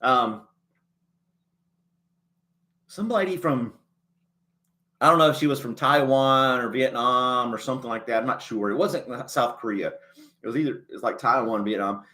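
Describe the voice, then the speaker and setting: A man hosting a casual livestream chat, rambling in a folksy way and chuckling often, a little choked up and clearing his throat. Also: mid-range voice, a bit bright. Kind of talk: casual chat reading a live chat.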